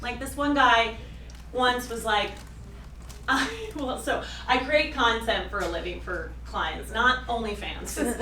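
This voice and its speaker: A woman performing a stand-up comedy set on a club stage, animated and self-mocking, breaking into loud yelled bits. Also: fairly high pitch, unhurried, slight background noise. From suburban Detroit. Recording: roomy club sound from a distance with crowd. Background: audience laughing.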